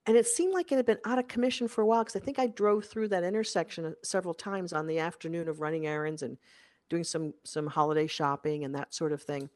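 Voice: steady tone, quick pace. A career coach delivering an emphatic motivational monologue, repeating key phrases for effect. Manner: emphatic and repetitive, with big swings in pitch and loudness.

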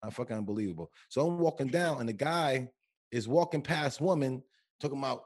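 Fast-talking, profane male podcast co-host. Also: medium pitch. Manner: profane, animated storytelling. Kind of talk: casual chat.

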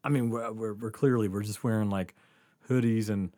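On a podcast, a man with a lowish voice tells a casual story at a moderate pace. He's animated, laughing often, with lots of fillers and swearing. The recording has no echo.

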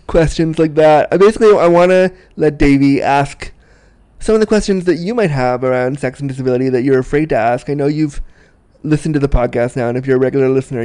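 A man hosting a casual podcast interview at home, chatty and excitable, often laughing, speaking into a desk mic. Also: medium pitch, smooth. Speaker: podcast host. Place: small apartment room. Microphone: desk mic, guest sharing it.

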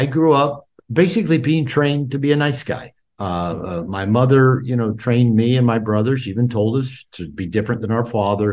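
A man's voice: mid-range voice, a little mellow. Candid older man recounting his past. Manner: candid and reflective, with frequent fillers and restarts. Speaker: guest author and therapist. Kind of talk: conversational interview storytelling.

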